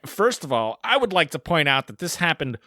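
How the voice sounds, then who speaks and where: A man co-hosting a podcast, telling a casual story in an animated way and acting out other people's lines. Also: fairly high pitch, brisk, no room sound, clean studio sound. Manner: animated storyteller, acts out shouted quotes. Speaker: podcast co-host.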